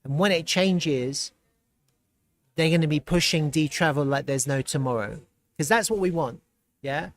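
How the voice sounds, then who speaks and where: A man hosting a live stream, chatting casually and reacting with excitement and frequent laughter as he browses. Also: a little high, measured pace, long pauses, no room sound. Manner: excitable, laughs often, thinks aloud while browsing. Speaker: livestream host.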